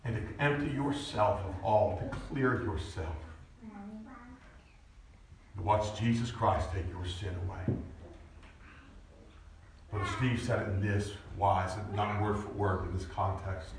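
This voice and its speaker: Shouting preacher in an echoey church. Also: male voice, fairly low pitch, slow pace, pauses often, distant mic, a little hiss or hum. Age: 40s. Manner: animated preaching, rising to shouts at peaks. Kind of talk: sermon. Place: church sanctuary. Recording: echoey room, voice from off-mic.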